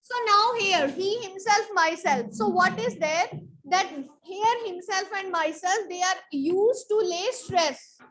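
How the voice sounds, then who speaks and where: A woman's voice: very high voice, slow pace, a bit bright, rough recording. A woman teacher giving a grammar lesson in a school classroom. She asks a question, answers it, and repeats it as a drill, calling on students by name.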